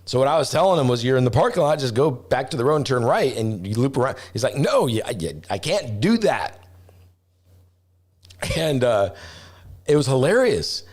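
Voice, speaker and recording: A middle-aged man, a travel vlogger, telling a story casually, rambling with restarts and getting animated as he acts out voices. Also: mid-range voice, moderate pace.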